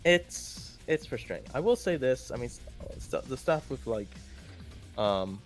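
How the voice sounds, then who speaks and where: A man's voice: mid-range voice, expressive, measured pace, soft background music. A man chatting casually and rambling as he ranks films, with many restarts and fillers. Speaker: co-host ranking films. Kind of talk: casual opinionated chat.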